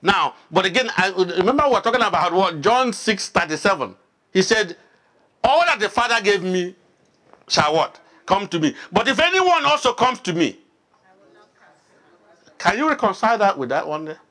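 A man's voice: high-pitched, expressive, normal speed, pauses often, pushed and bright. A pastor from Nigeria, teaching an interactive sermon and quizzing his congregation with frequent questions. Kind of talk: interactive sermon, Bible study.

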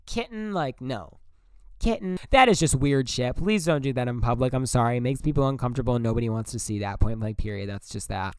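A young man hosts his own podcast in a loose, rambling monologue, blunt and full of swearing and "like". His voice is smooth and resonant. It is recorded close and completely dry. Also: mid-range voice, expressive, brisk, no echo. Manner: blunt, profane and rambling, with many "like" fillers. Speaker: podcast host. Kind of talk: casual solo podcast monologue.

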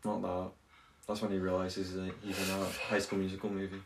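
A man's voice: low-pitched, completely flat delivery, a little fast, shouting, heavy background noise. A man co-hosting a casual watch-along podcast, giving silly, giggly commentary. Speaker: podcast co-host. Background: film music playing.

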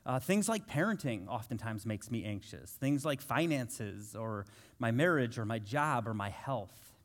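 A man in his thirties preaches a conversational guest sermon in a mid-range voice with lively intonation and an unhurried pace. He jokes, tells family stories, and pokes fun at himself.

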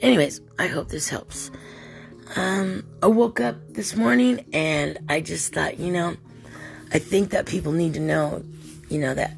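A woman's voice: lowish voice, unhurried, gravelly, faint music behind. A woman hosting a podcast alone, talking in a rambling, chatty way and laughing often. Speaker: podcast host. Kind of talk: casual solo podcast monologue.

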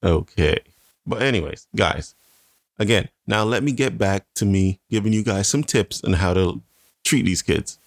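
A man's voice: on the low side, moderate pace, dry recording, studio quality. A man co-hosting a casual chat, a father bragging in a playful, mock-serious way. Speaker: podcast co-host, father.

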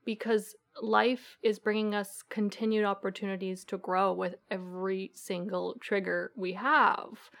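A woman coach giving an earnest, animated answer in a podcast interview, acting out the voices of her clients. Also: medium pitch, measured pace, vocal fry, hardly any pauses. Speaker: guest coach.

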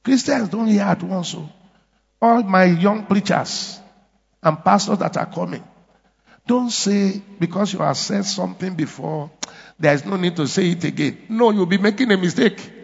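Gravelly Nigerian pastor preaching. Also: male voice, high voice, normal speed, big-room sound, lo-fi sound. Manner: emphatic, repetitive, call-and-response preaching. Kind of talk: sermon. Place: church.

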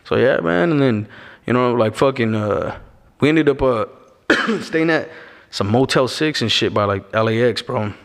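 A man from Arizona sits in as a podcast guest and tells a story in a loose, slangy way, tagging "bro" and "dog" onto nearly every phrase. His voice sits at an ordinary middle pitch. The recording carries a long, echoing reverb. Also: vocal fry. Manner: slangy, laid-back, fills every pause with "bro" and "you know what I'm saying". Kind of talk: casual storytelling.

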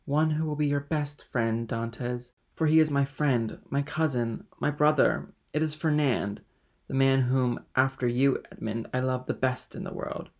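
A man's voice: medium pitch, unhurried, a little mellow, close to an everyday voice. A man reading aloud and voicing a passionate, loyal young woman who speaks with raised emphasis. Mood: indignant.

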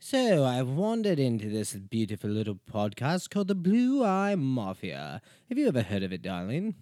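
A man putting on the voice of a slow, grandiose old British statesman, addressing a lady with exaggerated gentility. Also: medium pitch, wildly swooping pitch, warm tone, no room sound, studio quality. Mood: pompous. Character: pompous older British statesman, gentlemanly.

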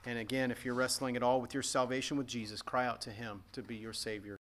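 Bright-voiced pastor preaching earnestly. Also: male voice, medium pitch, little pitch movement, quick pace. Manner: earnest, emphatic preaching with frequent restatements. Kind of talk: sermon.

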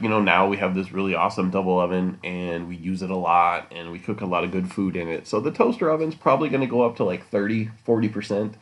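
A man with a fairly low voice hosts a solo podcast from home, talking loosely and answering listener questions. He rambles and jokes, teasing his listeners in a casual, unscripted way. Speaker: podcast host.

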